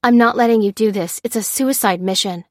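A woman's voice: medium pitch, fairly even intonation, moderate pace, darkish tone, no echo, clean studio sound, lightly acted. A woman voicing a determined male soldier, a major, giving clipped, urgent commands.

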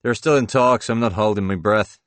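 Bitter male coworker, dark and sweary, put on by a low-voiced male narrator. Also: normal speed, no room sound, natural voice. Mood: glum.

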